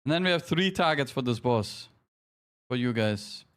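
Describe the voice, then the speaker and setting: A man in a relaxed live-stream, chatting and laughing at himself as he plays. He keeps giving quick directions to teammates between jokes for his viewers. His voice sits at an ordinary middle pitch for a man. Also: clear, resonant tone. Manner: chatty, jokey, self-deprecating, directing teammates. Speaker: streamer leading a game team. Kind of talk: casual live-stream gaming chat.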